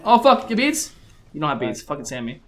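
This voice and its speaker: Man, gameplay commentary, slightly high voice, excitable, swears a lot, yells at the screen. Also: brisk, a crowd in the background. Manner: excitable, swears, shouts at the game. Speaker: gaming commentator.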